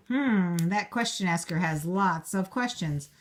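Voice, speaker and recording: A woman teacher reading a storybook aloud to young children, slow, clear and encouraging. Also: fairly low pitch.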